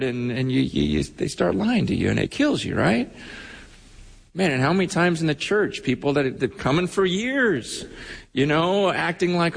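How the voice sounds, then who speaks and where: A man's voice: a little high, expressive, moderate pace, vocal fry, big-room sound. A man preaching a sermon with passion, often repeating his words and acting out the voices of people he quotes. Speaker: pastor.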